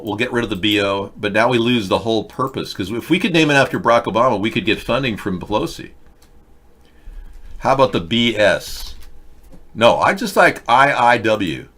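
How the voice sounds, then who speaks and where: A man hosts a sarcastic political talk show in a lowish voice. He mocks and rants, jumping from bit to bit with a scornful edge. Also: fairly bright tone. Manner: mocking, sarcastic, jumps between bits and rants. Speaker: host.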